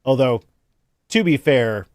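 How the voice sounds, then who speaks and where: A man's voice: medium pitch, expressive, slow, a little mellow, no room sound, clean studio sound. A man hosting a charity livestream, chatting loosely, swearing and reading out donations on a home streaming mic. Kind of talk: casual livestream chat.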